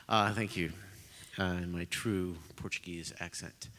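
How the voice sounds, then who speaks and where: Male host, low and bright-toned, self-deprecating, casual, in a concert hall with long reverb. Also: steady tone. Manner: self-deprecating, joking, halting with fillers. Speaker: host of a pre-concert talk. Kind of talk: casual live talk to an audience.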